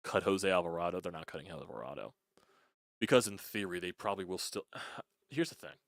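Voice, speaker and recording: A man's voice: deep voice, animated, brisk, gravelly, no room sound, clean studio sound. A young man hosting a sports channel, talking in a frustrated, casual rant, swearing and breaking off words.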